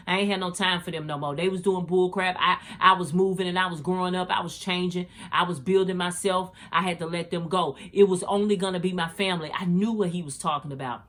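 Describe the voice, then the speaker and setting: A woman's voice: on the low side, fairly quick, hardly any pauses. A middle-aged woman hosting a podcast, telling a personal faith story in a casual, slangy way and talking straight to her listeners. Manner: animated, slangy, addresses listeners as y'all. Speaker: podcast host.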